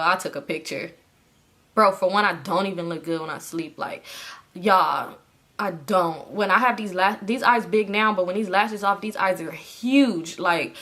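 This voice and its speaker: A young woman telling a story in casual chat, animated, swearing and jumping up high when she acts out what people said. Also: moderate pace.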